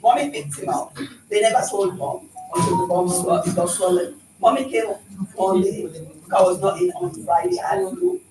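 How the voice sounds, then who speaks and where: A woman's voice: medium pitch, animated, normal speed, hardly any pauses, over music. Passionate woman, echoey and far off. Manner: emphatic, passionate. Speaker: speaker at a community event. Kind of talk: personal storytelling in group discussion. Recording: echoey room, distant mic, noisy.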